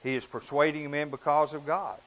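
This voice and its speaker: A man preaching a sermon in an earnest, emphatic way, often rising and dropping in pitch and volume. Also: steady tone, brisk, fairly bright tone, low-quality recording.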